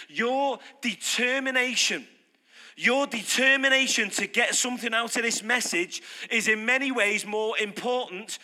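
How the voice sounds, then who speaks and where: High bright preacher in a hall. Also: male voice, measured pace. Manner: emphatic, repeats phrases for punch. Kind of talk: off-the-cuff sermon. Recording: long hall reverb.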